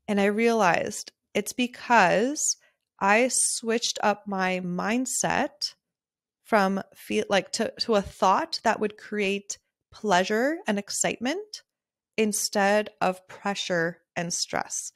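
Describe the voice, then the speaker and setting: A woman's voice: medium pitch, measured pace, no echo. Chatty woman photographer, close dry mic. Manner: chatty and candid, laughs often, swears casually. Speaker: podcast host, wedding photographer. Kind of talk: casual solo podcast monologue.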